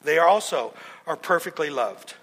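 This pastor's sermon unfolds as earnest storytelling full of restarts, recorded with long hall reverb. His expressive voice leans high and a bit bright, and he speaks a little slowly.

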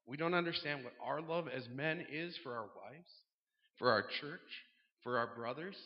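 A man's voice: fairly high pitch, animated, normal speed. A man talking casually to a congregation, candid and joking, with lots of "um"s and acted-out dialogue. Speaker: church member announcing a men's group. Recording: dull sound, long reverb in a large room.

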